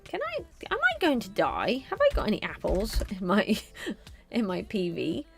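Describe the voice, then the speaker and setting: A woman's voice: medium pitch, wildly swooping pitch, moderate pace, gravelly, a bit bright, faint music behind. A middle-aged woman streamer chatting casually to viewers while she plays a game. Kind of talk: casual live gameplay commentary.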